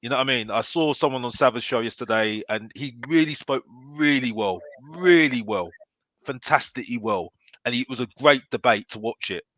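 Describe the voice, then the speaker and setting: A man's voice: mid-range voice, moderate pace, fairly bright tone, no echo. A man giving blunt football opinions in a casual debate, emphatic, forever tagging his points with "yeah?". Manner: emphatic, keeps asking "yeah?"; blunt and fired up. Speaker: football fan pundit guest.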